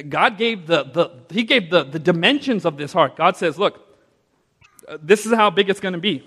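High-pitched guy preaching, goes quiet then big and loud, long hall echo. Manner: dynamic preaching, swinging from soft to loud. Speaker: pastor. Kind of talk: sermon.

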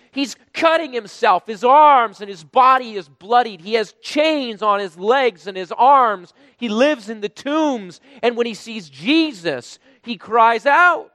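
A man preaching a sermon, emphatic, rising to loud bursts when he quotes. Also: high-pitched, expressive, unhurried, no echo, long reverb tail. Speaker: pastor.

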